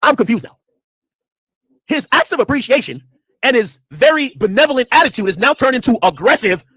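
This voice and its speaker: A man's voice: very high-pitched, brisk, husky, no room sound, studio quality. A man streaming casual commentary, telling a story in a loose, profane way and acting out the people in it. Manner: animated, profane, acts out quotes.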